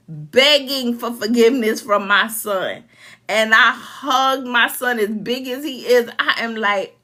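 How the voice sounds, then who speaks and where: A woman's voice: sits high, lively intonation, unhurried, sharp tone. A woman in her forties, a life coach, talking earnestly and emotionally to viewers and vividly acting out past scenes. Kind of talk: casual heartfelt talk to viewers.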